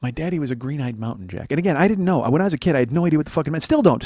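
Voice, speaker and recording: A man's voice: fairly high pitch, sing-song, racing, hardly any pauses, no echo. A man hosting a comedy podcast, riffing through a rambling, profane monologue and cracking himself up. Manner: profane, rambling, breaks into laughter. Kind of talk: comic monologue.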